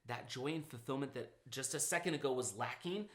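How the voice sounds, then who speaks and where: A man's voice: medium pitch, fairly quick. A man who works as a motivational speaker, telling stories in a casual conversation and acting out his own inner thoughts. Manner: animated storyteller, acts out his own inner dialogue.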